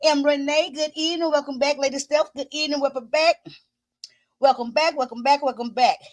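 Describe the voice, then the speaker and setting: Woman, high voice, chatty livestream host, laughs often, slightly winded, dry close sound. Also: fairly even intonation, brisk, no echo. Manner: chatty and loose, greets viewers by name, laughs often. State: a little winded. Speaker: host of a livestream commenting on trials. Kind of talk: casual livestream chat with viewers. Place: small room at home.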